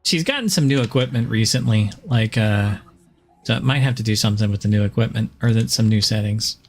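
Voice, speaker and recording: A man's voice: lowish voice, fairly quick, soft background music. A man streaming and chatting casually, joking and laughing often. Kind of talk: casual chat.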